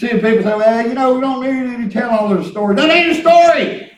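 A man's voice: very high-pitched, quick pace. A man preaching a folksy sermon, telling rambling stories and breaking into calls of praise. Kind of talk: sermon with testimony. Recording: echoey room, distant mic.

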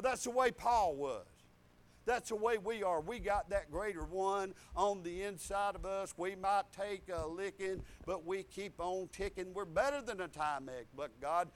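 An older man, preaching a folksy sermon full of stories, laughter and hallelujahs. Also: fairly bright tone. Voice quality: high-pitched. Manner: rambling storytelling with laughs and hallelujahs.

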